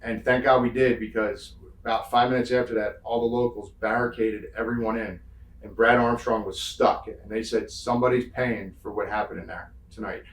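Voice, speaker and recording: Speaking at a normal speed in a lowish voice, this Northeastern American man tells road stories as an interview guest. He's casual and animated, acting out quotes and cursing freely. The mic is far away, giving the audio a roomy feel.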